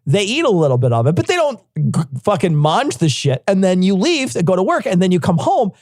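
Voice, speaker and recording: Playful, profane podcast co-host, dry sound. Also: male voice, high voice, huge pitch swings, a little fast, a little mellow, no echo. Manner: playful, profane storytelling banter. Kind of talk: casual comedic chat.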